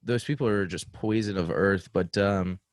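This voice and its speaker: A man's voice: low-pitched, normal speed, dry recording, studio quality. A man co-hosting a casual chat, reacting bluntly and giving short comments. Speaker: podcast co-host.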